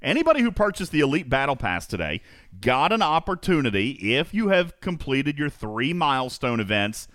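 Energetic male podcast host, lively and emphatic. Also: fairly high pitch, normal speed, no room sound, studio quality. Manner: energetic, emphatic, repeats phrases for effect. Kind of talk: live gaming podcast hosting.

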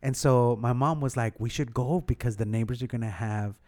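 A man's voice: mid-range voice, brisk, warm tone. A man from Mexico telling a story in casual chat, poking fun at himself and dropping in Spanish words. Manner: storyteller, self-mocking, drops in Spanish words.

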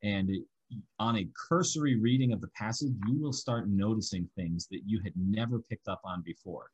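Bible study teacher, male, husky and low, walks through examples step by step. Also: normal speed, a little mellow, dull audio.

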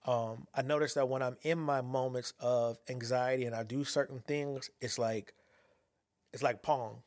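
Man talking haltingly about a dream. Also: mid-range voice, steady tone, darkish tone, no room sound, studio quality. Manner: halting, many restarts and fillers, reflective. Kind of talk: personal monologue about anxiety and a dream.

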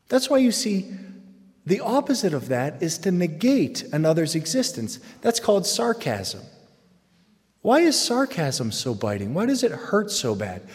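Animated man speaking in a reverberant hall. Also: fairly high pitch. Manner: animated, jokey, with loud excited bursts. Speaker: Catholic speaker. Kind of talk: humorous faith talk to a live audience. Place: large hall with audience.

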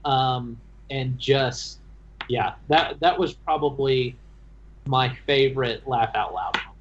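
A man, the dungeon master, chatting about his tabletop game session in a halting, restarting way. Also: mid-range voice, noisy background. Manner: halting, stumbling restarts, laughs while telling. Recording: dull lo-fi sound.

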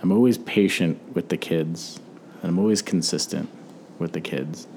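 A man's voice: deep voice, moderate pace, dark tone, a little hiss or hum. A father of five as a podcast guest, talking reflectively and thinking aloud about parenting. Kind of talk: casual podcast chat.

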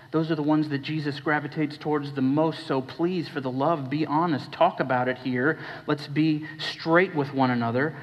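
Male pastor, conversational sermon, questions the room, reverberant hall, dull mic sound. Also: fairly high pitch. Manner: conversational, questioning the congregation, shifting between hushed and raised. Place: church hall.

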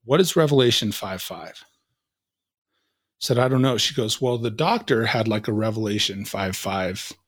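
A man's voice: fairly low pitch, dry recording, clean studio sound. Man dramatically retelling a personal story. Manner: vivid retelling with quoted dialogue. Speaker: podcast guest, leadership coach.

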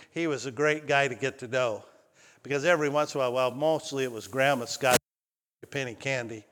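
A male pastor telling a personal story in a sermon, swinging between loud calls and hushed lines. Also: medium pitch, long reverb tail. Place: church sanctuary.

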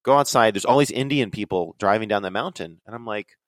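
Rambling, animated man on a dry mic. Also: on the low side, a little fast, dry recording. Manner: rambling, animated, slips into quoted voices. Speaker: podcast guest. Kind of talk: casual storytelling.

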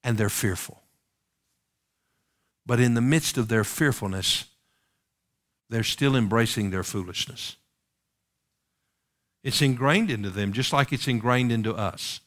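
A man's voice: medium pitch, a little slow, long pauses, fairly bright tone. A man preaching a sermon, reading King James scripture aloud and pressing the congregation with rhetorical questions.

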